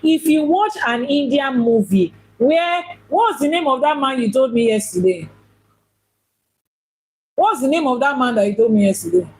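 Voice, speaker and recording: A woman with a somewhat high, husky voice gives a teaching talk on faith. She works through rhetorical questions and repeats her points for emphasis. Her tone turns playful when she mimics how other people talk. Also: animated, moderate pace, a little mellow, poor audio. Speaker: Ifá priestess and teacher.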